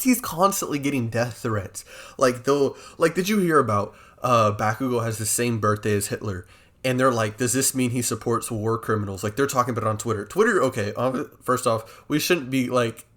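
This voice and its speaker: Young guy rambling on a podcast, all "like" and "um", gets worked up fast. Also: medium pitch. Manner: animated, rambling with many fillers. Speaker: podcast co-host. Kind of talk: casual chat.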